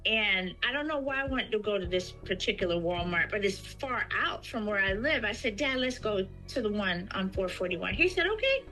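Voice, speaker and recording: A woman's voice: mid-range voice, expressive, moderate pace, few pauses, pushed and bright, soft background music, low-quality recording. A woman telling a personal spiritual story as a guest, acting out the voices of the people she quotes.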